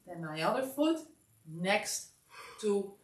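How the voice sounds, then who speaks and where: A woman's voice: mid-range voice, slow pace, distant mic. Sleepy massage teacher, woman, echoey room. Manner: calm step-by-step guidance, counting aloud. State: sleepy, yawning. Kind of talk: instructional class demonstration. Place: massage studio.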